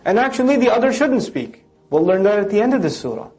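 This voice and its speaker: A male lecturer talks through scripture line by line at a brisk, rapid pace. His voice sits fairly high. He slips into quick mocking impressions of critics as he goes. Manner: animated, explains line by line, mimics critics in quick asides.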